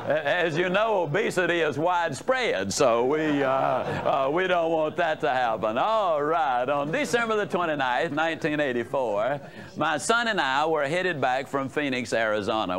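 Lively motivational speaker man. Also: fairly high pitch. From United States. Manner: folksy, humorous storytelling with audience questions. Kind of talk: motivational lecture to a live audience.

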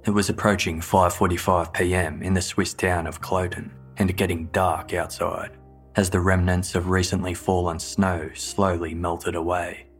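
A man giving measured, scripted true-crime narration. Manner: low, flat, measured delivery. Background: faint music.

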